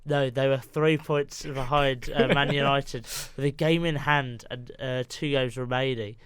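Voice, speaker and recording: Podcast co-host, man, halting storyteller, clear smooth voice, dry room. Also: medium pitch, fairly even intonation, a bit bright, no echo. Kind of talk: casual football chat.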